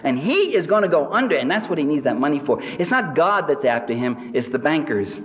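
A sardonic man lectures to a live crowd, his fairly high voice ringing through a long-reverb hall. Faint room ambience hangs under his mocking delivery. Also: very animated, brisk, noisy background. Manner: sardonic, mimics quoted people with exaggerated voices. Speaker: speaker addressing a live audience. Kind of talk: satirical public lecture. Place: large hall with audience. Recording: distant reverberant hall recording.

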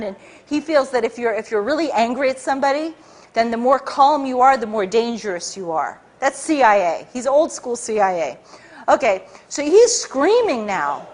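At a public talk, a woman with a fairly high voice tells a story to a live audience. She's animated and rambling, often stopping mid-sentence to correct herself.

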